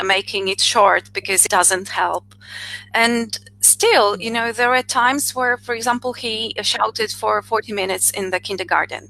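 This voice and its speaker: A psychologist in her thirties with a Polish accent hosts an interview over a video call, speaking in a mid-range, bright, forceful voice with vocal fry. She's hesitant, saying "uh" and "you know" a lot, and the low-quality recording has a little hiss or hum.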